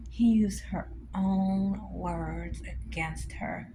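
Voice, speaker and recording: A woman's voice: mid-range voice, normal speed, darkish tone, a little hiss or hum. A woman giving casual, amused reaction commentary on social media posts, with slangy, chatty asides.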